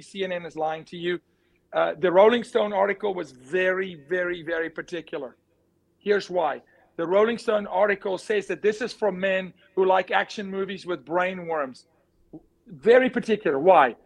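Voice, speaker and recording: A man speaking as an interview guest, forceful and emphatic, repeating his key words. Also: sits high, creaky, poor audio. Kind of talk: impassioned interview talk.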